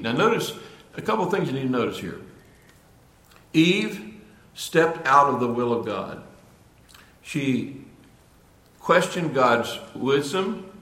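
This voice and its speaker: This preacher has a medium-pitched, fairly bright voice and an earnest delivery. He restarts and repeats phrases often on the way to emphatic points, recorded in an echoey room.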